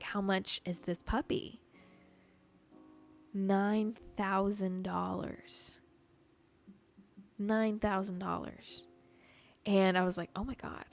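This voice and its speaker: A young adult woman hosting a podcast, telling stories in casual chat, animated, packed with "like" and swearing, with faint music behind. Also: mid-range voice. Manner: animated, swears often, heavy "like" filler. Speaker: podcast host.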